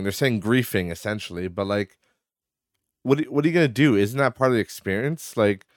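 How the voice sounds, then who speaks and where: A man's voice: on the low side, fairly quick, dry recording, studio quality. A man hosting a podcast in casual rambling chat, swearing and laughing often, sounding tired. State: tired, yawning. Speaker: podcast host.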